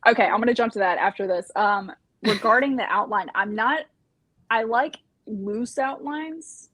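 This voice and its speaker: A woman from the American South with a Southern accent, hosting a casual livestream chat over a video call, chatty and quick to giggle and pun. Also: on the high side, fairly bright tone, no room sound. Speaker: stream host.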